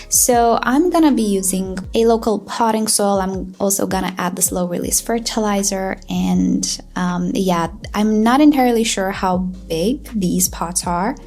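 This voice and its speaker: A woman's voice: mid-range voice, a little mellow. A woman hosting a casual gardening vlog outdoors, chatty and enthusiastic, poking fun at herself. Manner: chatty, enthusiastic, self-deprecating. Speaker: gardening channel host. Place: outdoor garden, windy day.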